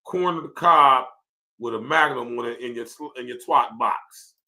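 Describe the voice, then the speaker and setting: A podcast host rants casually and profanely on a livestream, laughing often and reading viewer comments aloud. His voice is mid-range, his pace moderate, and his tone sharp.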